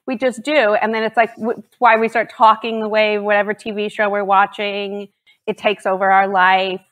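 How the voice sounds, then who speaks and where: A woman's voice: medium pitch, flat delivery, fairly bright tone. A woman with a mid-range voice speaks as a podcast guest. She talks in a reflective, easygoing way and agrees readily. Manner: agreeable, reflective, quick affirmations. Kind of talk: casual interview chat.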